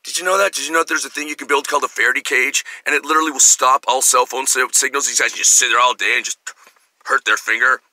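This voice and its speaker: Bright-voiced rambling middle-aged man. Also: mid-range voice, quick pace, no echo, poor audio. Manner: animated, jumps between tangents, acts out quotes. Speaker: vlogger. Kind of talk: rambling personal storytelling monologue.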